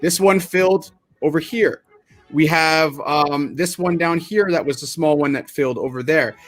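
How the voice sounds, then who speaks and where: Animated, slightly high-voiced male trader. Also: normal speed, faint music behind. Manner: animated, acts out market reactions, restarts often. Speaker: crypto trader. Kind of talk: casual explanatory chat over charts.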